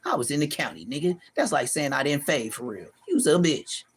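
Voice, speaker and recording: A middle-aged man delivering a profane, taunting callout rant to the camera, animated and mocking. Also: a little fast, husky. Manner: animated, profane, taunting, pitch leaping high in mocking bursts. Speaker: street vlogger.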